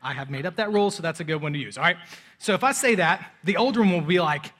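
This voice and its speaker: A man in his thirties preaching a sermon, swinging between loud urgency and soft, hushed moments. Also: high-pitched, animated, fast. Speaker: pastor.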